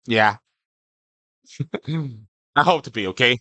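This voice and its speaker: A man's voice: mid-range voice, slow pace, pushed and bright, no room sound. A young man streaming live, chatting casually with his viewers in a rambling, stammering way, often tagging his lines with "okay?".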